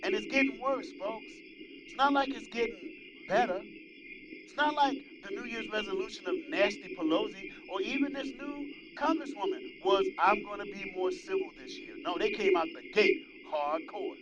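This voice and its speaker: A man hosting his own show, delivering an animated, preachy and mocking political commentary monologue. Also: high-pitched, moderate pace. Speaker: host. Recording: dull lo-fi with loud crowd noise.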